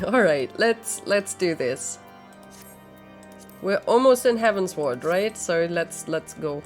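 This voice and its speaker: Playful, slow-talking woman streamer. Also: on the low side, animated, soft background music. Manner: playful, giggly, baby talk to her dog. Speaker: game streamer. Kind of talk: casual live-stream chat.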